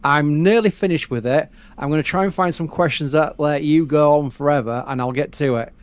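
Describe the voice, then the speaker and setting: A man with a northern English accent, co-hosting a live launch stream in a chatty, rambling way, quick to laugh. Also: fairly high pitch, smooth, no room sound. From northern England. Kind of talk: casual live-stream commentary.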